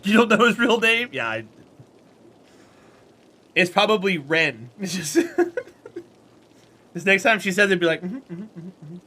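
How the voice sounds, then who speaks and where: A talkative man streams a game while chatting with his viewers. His voice sits high and swoops animatedly, with a bright, forceful edge. He is friendly and answers his chat by name between laughs. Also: sing-song, takes it slowly, long pauses.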